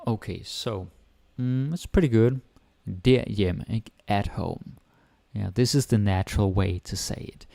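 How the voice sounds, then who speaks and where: A Danish-accented man with a low, gravelly voice walks learners through a language lesson at an easy pace. His explanations come step by step, and he drops into Danish words and phrases as he goes. The sound is dry and close, with no room echo. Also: unhurried. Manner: relaxed, explains step by step, switches between English and Danish.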